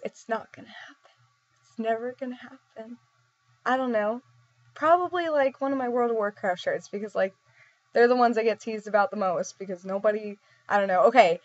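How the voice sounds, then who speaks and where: A young woman chatting casually to camera, rambling and self-deprecating, often breaking into giggles, at a middling pitch. The sound is dry and a bit dull and lo-fi, with no room echo. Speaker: vlogger. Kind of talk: casual chat.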